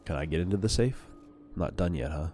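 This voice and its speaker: A man's voice: deep voice, expressive, a little fast, mellow, slight background noise. A man streaming a horror game, talking casually and bluntly, swearing, and reading the game's text aloud. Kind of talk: casual gameplay commentary.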